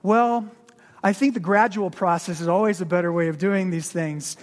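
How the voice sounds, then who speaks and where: A preacher doing a fretful, whining ghost. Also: male voice, high-pitched, moderate pace, lightly acted. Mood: pleading. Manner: whiny, pleading, rising to panicked cries. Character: timid fearful male ghost, pleading and fretful. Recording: long reverb of a large hall.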